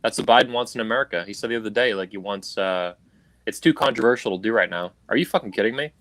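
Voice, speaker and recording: A man's voice: lowish voice, fast talker, a bit bright, slight background noise. A man hosting a livestream, delivering a heated, profane political rant in an angry, emphatic way over a video call. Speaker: livestream host. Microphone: video call stream.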